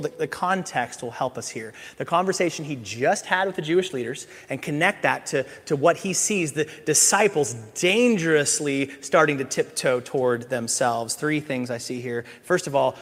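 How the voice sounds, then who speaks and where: A middle-aged male pastor preaching a sermon, animated, swinging from loud emphasis to hushed asides and playful acted voices. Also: a little high, fairly quick, few pauses. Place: church sanctuary. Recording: church hall with long reverb.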